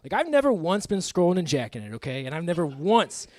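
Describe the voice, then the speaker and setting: Performing stand-up to a live comedy club crowd, a man in his thirties rambles through self-mocking material and laughs at his own jokes. His voice is on the high side and sing-song, with a quick pace, captured in a dry recording.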